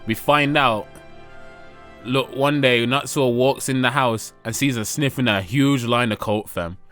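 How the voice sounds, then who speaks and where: A man recapping a manga on a casual comedy podcast, slangy and animated, with lots of "like" and "fam". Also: measured pace, soft background music. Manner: animated, slangy, jumps into high squeaky voices for characters.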